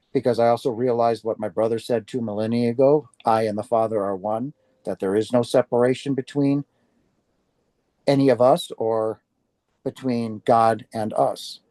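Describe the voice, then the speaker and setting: A man recounts his near-death experience to an audience in a mellow, warm voice. He tells it earnestly and acts out his own reactions along the way. The sound is close and dry, with no room around it. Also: medium pitch, fairly even intonation, a little slow, no echo. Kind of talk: personal testimony talk to an audience.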